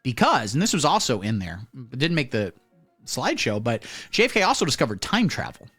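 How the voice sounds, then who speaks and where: Deadpan man with lively swinging pitch. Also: a little fast, breathy edge, faint music behind. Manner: mock-serious, deadpan delivery with sudden shouted announcements. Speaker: comedy streamer. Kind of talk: satirical comedy monologue.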